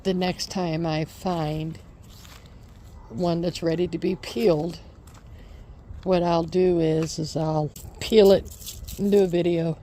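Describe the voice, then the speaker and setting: A woman's voice: lowish voice, fairly even intonation, takes it slowly, pauses often, mellow. A woman chatting casually in her vlog, rambling and repeating her reassurances, recorded outdoors in a garden. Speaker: homesteading vlogger.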